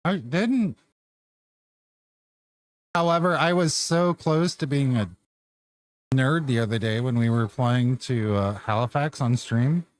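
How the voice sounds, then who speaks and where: A man's voice: mid-range voice, takes it slowly, pauses often, dry recording. A man streaming as a flight-sim air traffic controller, chatting casually, rambling and correcting himself as he goes. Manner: rambling, self-correcting, laughs easily. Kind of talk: casual chat on a live stream.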